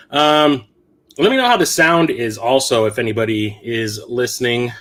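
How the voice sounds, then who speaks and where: A man's voice: mid-range voice, normal speed, fairly bright tone. Breathless man hosting a live stream. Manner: rambling with self-corrections. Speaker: host. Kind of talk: casual live stream chat. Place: home apartment.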